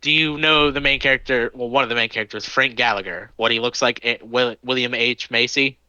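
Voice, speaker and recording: Bright-voiced young man telling stories. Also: mid-range voice, a little fast, clear, resonant tone, no room sound, lo-fi sound. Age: 20s. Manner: animated storytelling, lots of swearing. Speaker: podcast co-host. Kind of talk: casual podcast chat.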